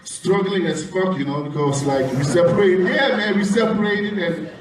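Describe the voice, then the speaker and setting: A man's voice: high-pitched, normal speed. A man, a bodybuilding competitor, giving emotional and rambling press conference answers, swearing freely. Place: large echoey hall at a press conference. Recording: echoey room recorded from far off, crowd noise. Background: crowd murmur and laughter.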